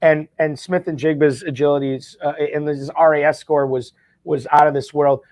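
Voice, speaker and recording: Man, podcast guest, eager, stammers and restarts, fairly high voice, dry close sound. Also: steady tone, normal speed, darkish tone, dry recording. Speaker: guest, fantasy football champion. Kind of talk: casual podcast chat.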